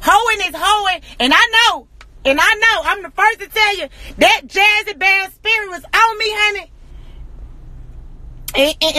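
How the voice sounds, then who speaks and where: A woman in an angry, profane rant to camera, hammering rhetorical questions and often shouting. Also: very high voice, no echo. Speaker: social media personality.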